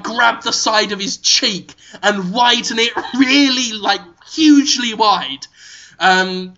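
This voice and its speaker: High, bright-voiced man spinning absurd tale. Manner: rambling, deadpan absurd pitch with frequent "like" and "um". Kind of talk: comedic improvised storytelling. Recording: muffled lo-fi recording.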